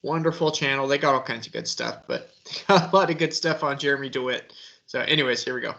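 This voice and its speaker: A man's voice: medium pitch, quick pace, gravelly, bright, forceful tone, highs cut off. A man hosting a casual true-crime commentary, scornful and laughing as he talks about the subject.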